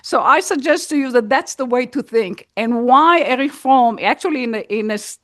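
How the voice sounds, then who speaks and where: A woman speaks up from the audience with a long, earnest comment, pressing her points and repeating key words. Her voice is fairly high, and the sound is dry with no room echo. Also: lively intonation, normal speed. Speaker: audience member asking a question. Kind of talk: unscripted comment from the floor.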